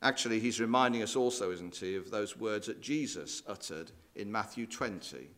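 A man's voice: lowish voice, normal speed. A man preaching a sermon, walking listeners through scripture passages and asking rhetorical questions. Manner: expressive, rising and falling emphasis with rhetorical questions; quotes scripture in old-fashioned wording.

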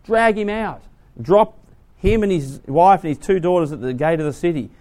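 Male preacher, sermon, dramatic storytelling, slightly high voice. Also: normal speed. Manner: dramatic storytelling, swinging from hushed to loud.

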